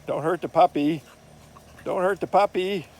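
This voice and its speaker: A man filming his dogs outdoors in a yard, talking to them in a coaxing way and gently scolding their rough play. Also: sits high, moderate pace, a little hiss or hum. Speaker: dog owner filming his pets. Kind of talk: casual talk to pets.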